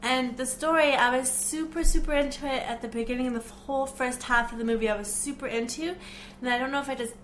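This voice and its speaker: A woman's voice: high-pitched, fairly even intonation, fast talker, fairly bright tone. A woman co-hosting a casual podcast chat, giggly and easily distracted. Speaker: podcast co-host. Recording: echoey room, faint noise.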